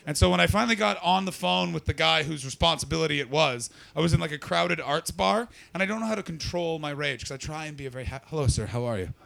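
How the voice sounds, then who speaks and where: Hoarse guy doing stand-up, sweary, kinda high gravelly voice, talks to the crowd a lot. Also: quick pace, hardly any pauses. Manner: loud, swearing, jumps into a shrieking high register for bits. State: losing his voice. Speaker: stand-up comedian. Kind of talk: stand-up comedy set with crowd work.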